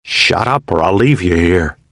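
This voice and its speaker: A man's voice: low-pitched, lively intonation, a little slow, fairly bright tone, dry recording, clean studio sound, full character voice. A man reading aloud voices a hardened young male Marine who is curt and contemptuous toward a wounded comrade. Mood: scornful.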